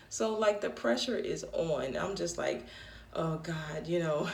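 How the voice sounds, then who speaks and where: Laughing woman telling a story in a roomy space. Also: fairly low pitch. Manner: laughs often, animated self-talk. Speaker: vlogger. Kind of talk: casual storytelling monologue. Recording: roomy echo, a bit distant from the mic.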